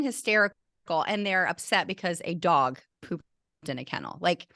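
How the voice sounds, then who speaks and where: A woman's voice: fairly low pitch, lively intonation, normal speed, creaky, pushed and bright, no echo, clean studio sound. A middle-aged woman, a teacher and burnout coach, telling a personal story earnestly and with feeling as an interview guest, often restarting her sentences. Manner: earnest, emotional, with many restarts.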